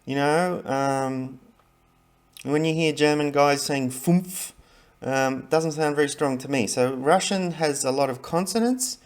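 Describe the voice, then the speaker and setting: A man's voice: on the high side, measured pace. A middle-aged man talking casually to camera about learning languages, chatty and rambling, with many fillers and restarts.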